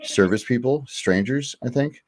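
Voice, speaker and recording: A man's voice: mid-range voice, moderate pace, dry recording, clean studio sound. A middle-aged man hosting a casual talk, candid and rambling, with lots of fillers and restarts. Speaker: host. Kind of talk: casual livestream chat.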